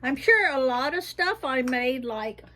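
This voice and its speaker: A woman with a Texas-Tennessee Southern drawl chats in a rambling, casual way, slow and unhurried in her delivery, with a somewhat high voice. She is recording a home vlog indoors. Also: animated, sharp tone. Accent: mixed Texas and Tennessee Southern US. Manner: chatty, rambling, says she talks fast. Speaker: vlogger showing her herb shelf. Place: indoors at home, rain outside.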